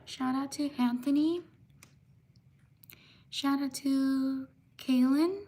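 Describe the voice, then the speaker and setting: Slow, high-voiced woman livestreamer. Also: mellow. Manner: slow and careful reading names, apologizing quickly. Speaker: livestream host. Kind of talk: live stream shout-outs to viewers.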